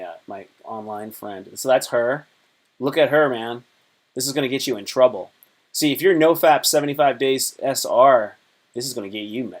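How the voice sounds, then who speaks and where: A man chatting loosely on a livestream, full of slang and asides. His pitch sits mid-range for a man. He rambles and jokes as he reads posts off his screen. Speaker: livestream host. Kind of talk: casual chat.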